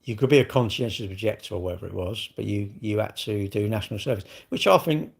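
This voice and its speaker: A man's voice: fairly low pitch, fast talker, creaky, husky. A middle-aged man with a British accent, chatting casually on a livestream and rambling through viewers' questions. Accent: British English. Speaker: livestream host answering chat. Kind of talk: casual chat.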